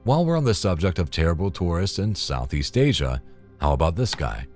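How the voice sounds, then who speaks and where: A man's voice: sits low, sing-song, fairly quick. A man narrating scripted commentary in a dry, disapproving manner. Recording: voice-over with faint music.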